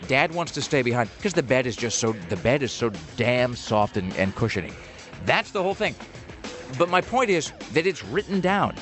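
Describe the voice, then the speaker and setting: A man's voice: mid-range voice, big pitch swings, normal speed, a bit bright, faint music behind. A man casually telling a long story on a podcast, rambling with lots of fillers and restarts.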